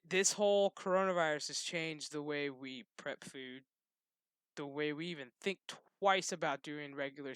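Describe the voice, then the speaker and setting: A man's voice: fairly high pitch, fairly bright tone, clear, resonant tone, no echo, clean studio sound. A man who hosts his own channel, ranting in a loose, casual way, swearing and laughing as he goes. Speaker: channel host. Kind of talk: casual rant to camera.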